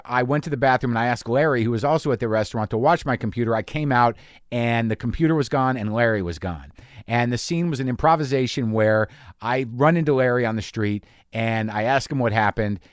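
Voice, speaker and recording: A man's voice: medium pitch, no echo, studio quality. A man hosting a podcast from a garage, telling stories in a rambling, profane, self-deprecating monologue. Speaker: podcast host. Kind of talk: casual monologue. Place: garage studio.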